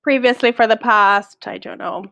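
A woman's voice: on the high side, moderate pace, fairly bright tone. A woman from Jamaica with a Jamaican accent, a guest answering interview questions confidently with light laughs. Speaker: guest, project manager.

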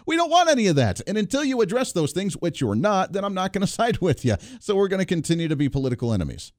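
A man's voice: sits high, big pitch swings, fast talker, darkish tone, no echo. A man hosting a political talk radio show, speaking bluntly and sarcastically into a studio microphone.

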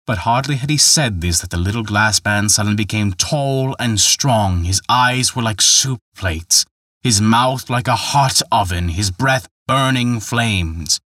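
Guy reading an old folk tale out loud, dry studio sound, gets dramatic. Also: measured pace, no room sound. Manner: dramatic, raises pitch and volume for quoted characters. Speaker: storyteller. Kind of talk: scripted folktale narration.

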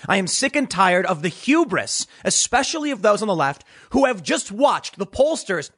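A man's voice: sits high, very animated, moderate pace, fairly bright tone, slightly rough. A man hosting an opinionated political commentary show, talking emphatically and repeating words as he pushes his point.

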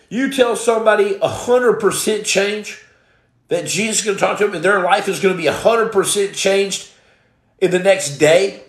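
Brief: man, a bit high-pitched, blunt and streetwise, giving testimony, echoey room. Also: animated, normal speed. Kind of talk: personal testimony, preacher-like storytelling. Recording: roomy echo.

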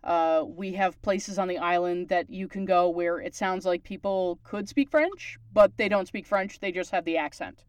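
A woman from Newfoundland, Canada, with a townie accent hosts a podcast, chatting casually and at length. Her voice sits on the low side, her pace is moderate with few pauses, and there's no echo.

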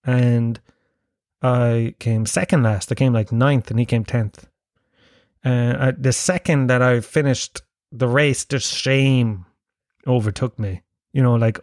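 A man's voice: medium pitch, fairly even intonation, slow pace, a little mellow, no room sound, clean studio sound. An Irish man with a Kerry accent, telling a rambling, self-mocking story and swearing freely. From Ireland. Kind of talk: storytelling monologue.

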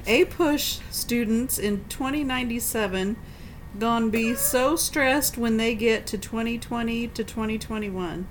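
A woman co-hosting a casual chat, reading funny tweets aloud with a giggly, deliberate delivery. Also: fairly high pitch, slight background noise, poor audio. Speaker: podcast co-host.

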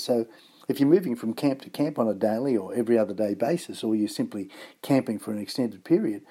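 A man's voice: mid-range voice, mellow, slightly rough. A man with an Australian accent hosting a radio show in a folksy, chatty, upbeat way. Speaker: radio host. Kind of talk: casual radio chat.

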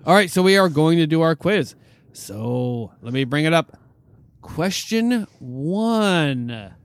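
An upbeat man leads a casual podcast, tossing out announcer-like cues between stretches of chat. His voice sits fairly high for a man. The recording is dry and close. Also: lively intonation, takes it slowly, clear, resonant tone, dry recording. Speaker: podcast host and quizmaster.

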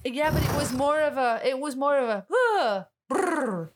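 A woman's voice: sits high, steady tone, a little fast, very noisy. A woman co-hosting a casual podcast chat, rambling through stories with restarts and swearing. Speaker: podcast co-host.

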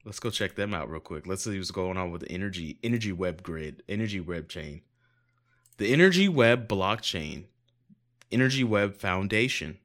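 A man with a fairly low voice reads news articles aloud on a casual podcast. He keeps stopping for sarcastic jokes and a bit of swearing. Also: lively intonation, normal speed, fairly bright tone. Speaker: podcast co-host.

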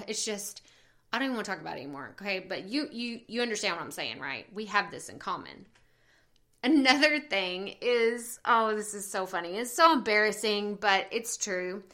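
A woman in her thirties, a podcast host, chatting casually and telling animated stories, full of "like" and "okay?". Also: mid-range voice. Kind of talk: casual chat.

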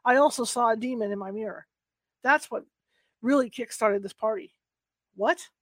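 This book reader has a fairly high voice and narrates a novel written in the first person, gently and without rushing. She occasionally trips on a word and restarts it, and the audio sounds dry and up close.

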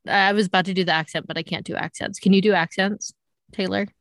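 A woman's voice: medium pitch, steady tone, fast talker, fairly bright tone, no room sound, studio quality. A woman in her thirties hosting a podcast, chatting casually and reading an ad in an upbeat, bubbly way. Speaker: podcast host. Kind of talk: casual podcast chat with host-read ad.

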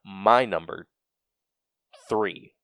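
A man co-hosting a casual podcast, his voice sitting on the low side and his talk unhurried and drawn out. He rambles through his points with plenty of fillers and the odd laugh. The sound is dry and close, with no room around it. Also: fairly bright tone, clear, resonant tone, dry recording. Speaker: podcast co-host. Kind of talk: casual chat.

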